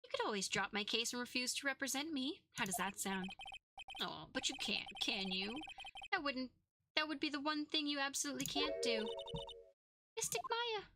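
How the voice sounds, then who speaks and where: A woman's voice: sits high, very animated, normal speed, background noise. Woman putting on a sneering young male villain. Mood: threatening. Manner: sneering, mocking sing-song taunts. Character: smug two-faced young male celebrity villain.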